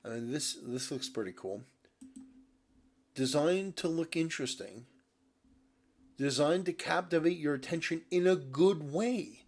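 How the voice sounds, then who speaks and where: A man's voice: fairly high pitch, lively intonation, measured pace, pauses often. A man ranting in a video commentary, exasperated and sarcastic, with frequent profanity and stumbling restarts.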